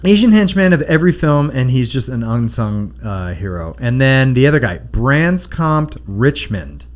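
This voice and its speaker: A man's voice: medium pitch, big pitch swings, moderate pace. A man co-hosting a podcast, chatting casually about films and breaking into jokey mock voices of movie characters. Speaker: podcast co-host.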